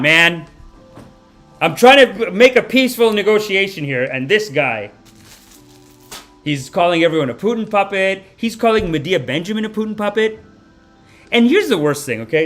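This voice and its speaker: A man in his thirties from Canada hosting a live-stream podcast of satirical commentary, profane and animated, swinging between loud outbursts and mumbled asides. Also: high-pitched, normal speed, soft background music. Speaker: podcast host.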